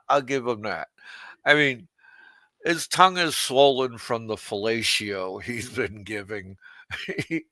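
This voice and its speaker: Slow, gravelly man ranting. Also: fairly low pitch, pushed and bright, dry recording. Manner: crude, mocking, laughs at his own jokes. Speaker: livestream host. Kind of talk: unscripted livestream rant.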